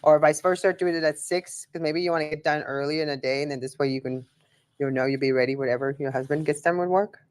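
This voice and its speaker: Low-voiced woman hosting a casual chat. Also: fairly even intonation, fast, darkish tone. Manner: organizing, plans the show's schedule. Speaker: host. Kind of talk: casual chat on a live audio room.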